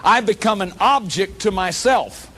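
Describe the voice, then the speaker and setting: Guy lecturing a workshop crowd, pretty high voice, animated, acts out voices, lots of restarts. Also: unhurried. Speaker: lecturer on shame and addiction.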